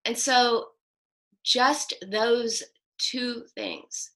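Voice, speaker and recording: A woman's voice: on the high side, fairly even intonation, drawn-out words, gravelly, a bit bright, low-quality recording. A middle-aged woman psychoanalyst answering interview questions in an emphatic way, acting out quoted self-talk. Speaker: psychoanalyst guest.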